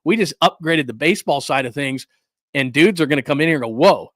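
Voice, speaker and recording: A man hosting a solo sports livestream rants in a slightly high voice, with quick asides and laughs, and he stops to greet viewers in the chat. The sound is close and dry, with no room echo. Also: fairly bright tone. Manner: reads and answers live chat. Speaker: sports talk host.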